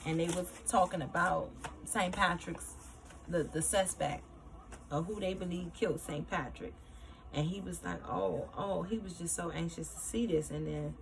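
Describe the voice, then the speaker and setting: Gravelly-voiced woman recapping a TV episode. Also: on the low side, background noise. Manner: animated retelling, acts out characters' lines. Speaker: TV episode reviewer. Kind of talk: casual recap to camera.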